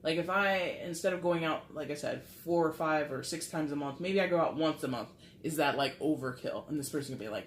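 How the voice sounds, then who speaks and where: A tarot reader gives a casual reading to camera, rambling chattily with lots of filler words in a low voice, speaking briskly with few pauses. The camera mic picks up a roomy echo and slight background noise.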